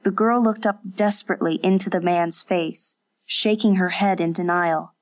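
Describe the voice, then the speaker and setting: A woman narrating an audiobook in an even, unhurried storytelling manner. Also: on the low side. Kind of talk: scripted narration.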